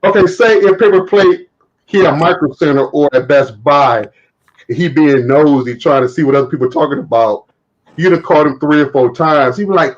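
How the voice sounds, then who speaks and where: Man, casual host, laughing storyteller, slightly high, dull lo-fi audio. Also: normal speed. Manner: laughing storyteller, acts out his own shouts. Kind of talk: casual chat.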